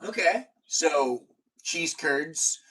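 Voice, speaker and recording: A man's voice: a little high, lively intonation, extremely slow, bright, forceful tone, slightly rough, poor audio. A man hosting a casual livestream chat, rambling and thinking aloud with fillers and restarts. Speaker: livestream host.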